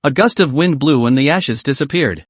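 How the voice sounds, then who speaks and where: A man's voice: mid-range voice, animated, moderate pace, breathy edge, no echo. A man narrating a dramatic story recap in a scripted way.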